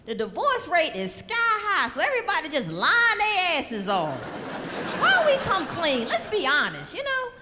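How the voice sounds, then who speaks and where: A woman's voice: very high-pitched, huge pitch swings, moderate pace. A woman doing a stand-up comedy set with a sassy, emphatic delivery. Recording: live hall with crowd noise.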